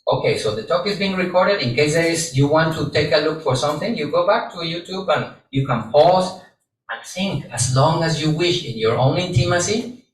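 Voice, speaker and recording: A man, a Buddhist monk, giving a gentle sermon to a live audience and repeating phrases for emphasis. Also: a little high, expressive, normal speed. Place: large echoey hall with audience. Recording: roomy hall, distant mic, faint background hum.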